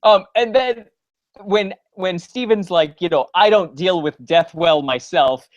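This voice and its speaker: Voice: medium pitch, unhurried, muffled recording. Chatty podcast co-host recapping an episode. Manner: acts out characters' lines with mocking quotes; frequent restarts and filler words. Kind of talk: casual recap chat.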